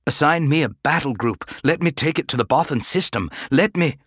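A man's voice: fairly low pitch, big pitch swings, takes it slowly, fairly bright tone, husky, dry recording, clean studio sound, full character voice. A man voicing an injured male Jedi knight who speaks weakly but with urgency. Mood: urgent. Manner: urgent, strained. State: weak, in pain. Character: wounded male Jedi knight, weak, worried.

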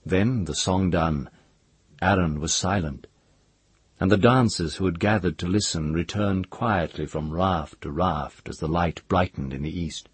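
Male audiobook narrator: measured calm reading, slow pace, very breathy, raspy texture. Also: low voice, no room sound.

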